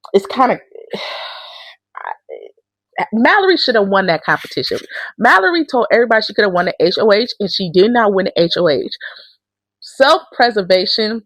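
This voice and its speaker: A woman's voice: medium pitch, no room sound. A woman hosting a casual recap of a reality show, blunt and profane as she tells the story with a lot of animation.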